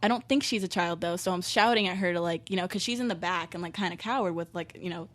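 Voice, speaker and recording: A young woman, a guest musician, chatting on a podcast and telling stories in a giggly, animated way. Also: on the low side, quick pace. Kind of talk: casual podcast chat. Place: podcast studio. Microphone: studio microphone.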